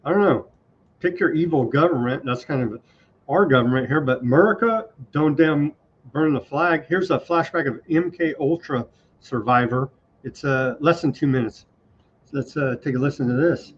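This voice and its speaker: A man's voice: medium pitch, normal speed, slight background noise. A man hosting an online news show, reading items aloud and adding wry, casual comments. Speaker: show host. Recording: dull lo-fi sound.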